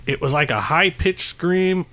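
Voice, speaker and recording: A man's voice: a little high, expressive, unhurried, bright, forceful tone, a little hiss or hum. A man co-hosting a casual podcast, telling a story in a rambling way and laughing often. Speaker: podcast co-host. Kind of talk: casual chat.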